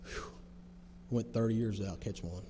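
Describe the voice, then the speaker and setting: A man's voice: fairly low pitch, fairly even intonation, normal speed. Earnest man sharing his testimony in a hall. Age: 30s. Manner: plain-spoken, earnest storytelling with folksy phrasing. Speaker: testimony speaker. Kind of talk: personal testimony to a recovery group. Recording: long hall reverb, faint noise.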